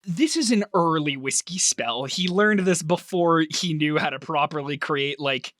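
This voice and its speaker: A man narrating a tabletop role-play game as game master, animated and laughing often. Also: on the high side, measured pace, no echo, studio quality.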